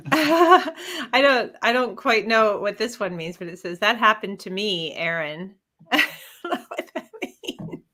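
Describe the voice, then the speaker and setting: A woman with a very bright, tense tone co-hosts a podcast. She laughs often and reads listener comments aloud in a casual, chatty way. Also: medium pitch, expressive, a little slow. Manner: laughs often, reacts with short responses. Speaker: podcast co-host.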